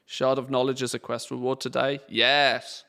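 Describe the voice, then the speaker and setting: A man streaming a game, chatting casually and thinking aloud in a relaxed, rambling way. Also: mid-range voice, normal speed, creaky, clean tone. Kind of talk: casual live-stream commentary.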